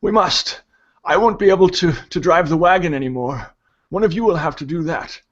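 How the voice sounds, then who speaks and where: A fussy old priest, put on by a man, speaks in a thin, high, quavering voice. He is urgent and anxious. The recording is dull and lo-fi. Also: normal speed, fairly bright tone. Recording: dull lo-fi audio.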